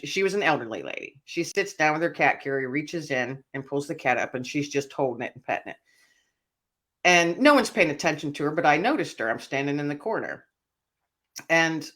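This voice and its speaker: A woman author being interviewed, telling a personal story in an animated, emotional way. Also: low-pitched. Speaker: author and speaker, guest.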